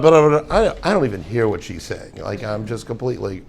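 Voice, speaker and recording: A man's voice: fairly low pitch, very animated, normal speed, creaky. A man, a rabbi heading a yeshiva, giving an informal talk with rambling jokes and Yiddish words.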